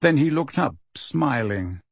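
A man narrating an audiobook with expressive, measured storytelling. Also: medium pitch, creaky, breathy edge, no echo.

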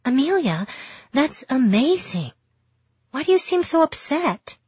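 A woman's voice: sits high, very animated, measured pace, darkish tone, dry recording, voice pushed up. A curious, caring young woman friend, put on by a woman reading aloud asks concerned questions in a slightly raised voice. The recording is dry and a little dull.

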